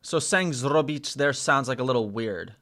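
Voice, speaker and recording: A young man learning a language in a casual lesson, hesitant, repeating phrases slowly as he practices. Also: mid-range voice, fairly bright tone.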